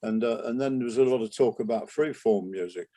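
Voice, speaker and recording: An older man, a jazz trumpeter, reminiscing in a relaxed interview, rambling with many restarts and asides. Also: medium pitch, brisk. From England.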